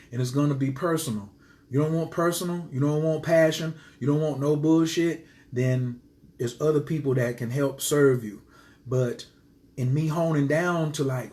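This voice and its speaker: A man's voice: a little high, a little mellow. A man teaching astrology to his viewers in a casual live stream, speaking passionately and emphatically and driving his points home by repeating them.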